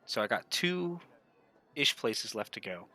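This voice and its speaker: A man's voice: mid-range voice, very animated, slow, sharp tone. A man playing a tabletop game, talking in a rambling, hesitant way with lots of restarts. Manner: rambling, hesitant, self-correcting. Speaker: player. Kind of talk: casual tabletop play.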